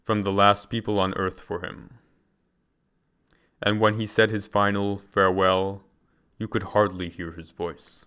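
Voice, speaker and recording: Low-voiced man reading aloud, resonant. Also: little pitch movement, a bit bright, smooth. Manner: measured, deliberate reading with occasional restarts. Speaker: reader.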